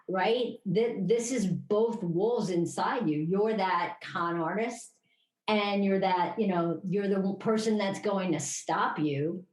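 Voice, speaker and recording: A woman co-hosting a podcast in casual chat, telling stories in a rambling way with many restarts. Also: medium pitch. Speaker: podcast co-host. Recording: roomy echo.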